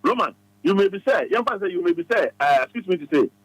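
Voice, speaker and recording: This is a Ghanaian man speaking as a studio guest on a radio show, his voice high and a little husky. He lectures with emphasis, circling back to the same phrases again and again. The studio sound is close and dry. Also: lively intonation, fast talker, no room sound, rough recording. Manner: emphatic, preachy, repeats phrases. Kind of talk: advice talk on radio.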